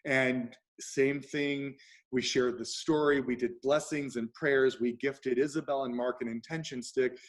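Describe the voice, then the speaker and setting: A man hosting a talk show, telling an animated story and acting out the people he quotes. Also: mid-range voice, measured pace. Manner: acts out quoted voices, shifts pace often. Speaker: show host.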